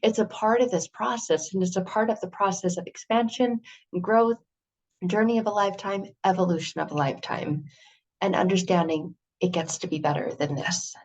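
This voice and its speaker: A woman giving an earnest, animated motivational talk, full of rhetorical questions. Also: medium pitch, moderate pace. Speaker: motivational speaker.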